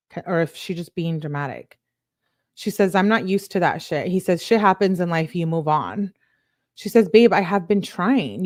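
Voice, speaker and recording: A woman's voice: lowish voice, no echo, studio quality. A woman hosting a true crime channel, reading text messages aloud in a plain voice and breaking off for casual asides that lean on "like".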